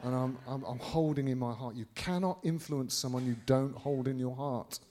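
A middle-aged Englishman telling a story to his congregation as a preacher. He rambles and restarts often, dropping to a near-mumble and then surging loud without warning. His voice sits in an ordinary middle pitch for a man. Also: normal speed, slight background noise. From England. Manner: rambling, with many restarts and swings in loudness.

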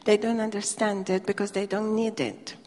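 A woman's voice: medium pitch, moderate pace. Woman preaching a testimony in a hall. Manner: animated storytelling, acting out dialogue. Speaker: preacher telling her testimony. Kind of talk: testimony sermon. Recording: long hall reverb.

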